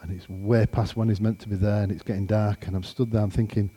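Man, animated storytelling testimony, warm mellow tone, long hall reverb. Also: fairly low pitch, quick pace, hardly any pauses, breathy edge, highs cut off. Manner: animated, acts out conversations.

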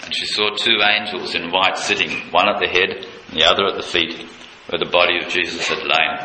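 A male preacher giving a sermon, retelling a scene with passion, dropping low and quiet and then leaping high with excitement. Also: fairly quick. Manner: impassioned, leaps from low intimacy to high excited pitch. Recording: echoey room with faint noise.

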